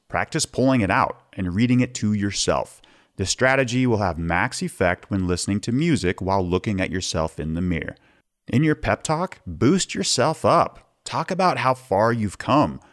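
A man hosting a podcast, talking candidly as he shares personal stories and practical tips. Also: on the low side. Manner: candid, plain-spoken storyteller. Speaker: podcast host. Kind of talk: podcast monologue giving tips.

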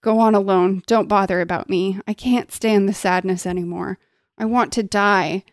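A woman reading aloud as a small loyal horse, speaking softly and heavily in despair. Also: mid-range voice, steady tone, moderate pace, dry recording, studio quality, lightly acted. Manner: soft, heavy, despairing reading.

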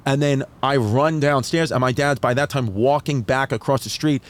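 A man's voice: fairly high pitch, a little fast, hardly any pauses, slight background noise. A man from New York, a comedian guesting on a podcast, telling a story in a casual, profane way and acting out the other people in it. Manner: animated, profane, acts out quotes in other voices.

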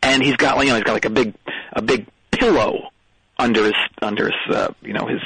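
A man's voice: mid-range voice, steady tone, a little fast, creaky, a bit bright, slightly rough, no room sound, rough recording. A man calling into a comedy show, telling a rambling story with many stammers and restarts. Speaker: caller. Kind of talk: comedic phone call.

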